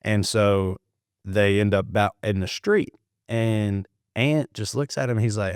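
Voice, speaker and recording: Relaxed male podcaster with a lower, deeper register, recorded dry and close, chatty and loose. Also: slow, clear, resonant tone, no room sound. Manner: laid-back storyteller, calls people dude, swears casually. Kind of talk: casual podcast conversation.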